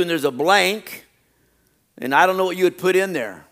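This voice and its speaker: A man preaching to his congregation with a slightly raised pitch, circling back over his phrases and pressing each point harder. He reads his lists slowly and deliberately. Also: a bit bright. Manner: preaching with rising emphasis and frequent repetition. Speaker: pastor. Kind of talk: sermon.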